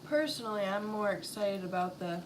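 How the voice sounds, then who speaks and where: A woman's voice: mid-range voice, moderate pace. A woman co-hosting a food vlog, making wry, dry remarks while she eats. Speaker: mukbang co-host. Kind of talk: casual chat while eating. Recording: clear background noise, clinking dishes.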